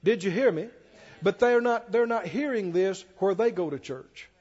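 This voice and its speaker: A preacher man with a high voice delivers a sermon, reading scripture aloud with rising emphasis and pressing his congregation with questions. The sound has a long church reverb and a muffled, lo-fi tone. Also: lively intonation, moderate pace, darkish tone, slightly rough.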